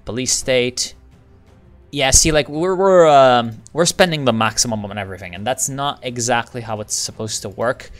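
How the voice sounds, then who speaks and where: A man's voice: mid-range voice, moderate pace, soft background music. A man giving casual, rambling commentary over a strategy game, often breaking off mid-sentence and swearing. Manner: rambling, self-interrupting, swears, laughs often. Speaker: game streamer.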